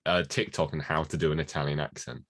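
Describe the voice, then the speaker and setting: A man's voice: rumbling low, level tone, fast talker, a bit bright. A British man hosting a podcast in playful, teasing chat. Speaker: podcast host and editor. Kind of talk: casual chat.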